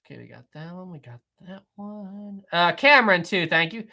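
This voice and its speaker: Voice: mid-range voice, normal speed, bright, forceful tone. A live-stream host chatting casually and answering the chat, often repeating phrases.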